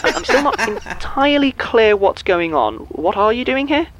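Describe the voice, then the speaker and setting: A man's voice: very high voice, sing-song, normal speed, fairly bright tone, a little hiss or hum, exaggerated voice, rough recording. An actor playing a nervous, flustered young man who stammers, in an audio drama. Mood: frightened.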